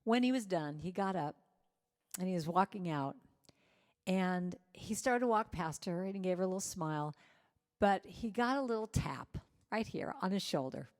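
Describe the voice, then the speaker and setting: A woman's voice: fairly low pitch, animated, normal speed, darkish tone. A woman giving a storytelling sermon at a church service, acting out the voices of the people in her anecdotes. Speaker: guest speaker at a church service.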